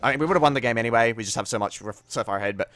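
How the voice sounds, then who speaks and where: A young man giving casual commentary over his own gameplay, laid-back and swearing freely with sudden excited outbursts. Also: mid-range voice, very fast.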